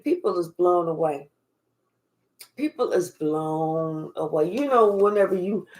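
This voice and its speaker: Slow, profane woman doing a tarot reading. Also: medium pitch, darkish tone. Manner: profane, repetitive, slow drawl. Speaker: tarot reader. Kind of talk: live psychic reading.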